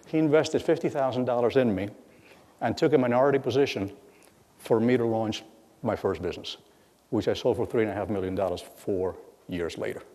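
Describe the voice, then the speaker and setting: A middle-aged man giving a lecture as guest speaker, telling stories with halting repeats and acting out bits of dialogue. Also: lowish voice, warm tone, slight background noise. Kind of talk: lecture storytelling. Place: lecture hall. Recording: long hall reverb.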